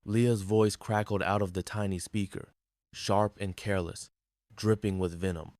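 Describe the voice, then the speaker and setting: Low male narrator, grim and measured, dry close recording. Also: fairly even intonation, darkish tone, dry recording. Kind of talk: scripted story narration.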